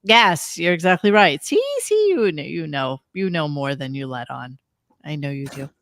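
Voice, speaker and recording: A woman's voice: low-pitched, very animated, moderate pace, fairly bright tone. A woman hosting a casual talk show, ranting and sarcastic, swearing freely. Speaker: podcast host. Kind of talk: casual chat.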